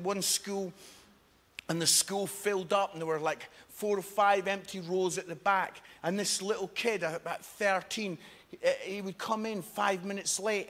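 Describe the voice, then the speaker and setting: Guy preaching in a big echoey church hall, high bright voice, loud and animated, bits of gravel in it. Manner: animated, loud, often laughing and shouting. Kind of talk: lively sermon with comic stories. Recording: long hall reverb.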